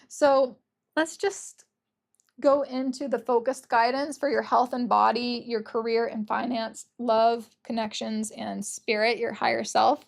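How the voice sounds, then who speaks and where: A woman doing a casual, gentle pick-a-card tarot reading, gushing over the cards and openly emotional. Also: fairly high pitch, creaky. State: tearful at times. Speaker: tarot reader.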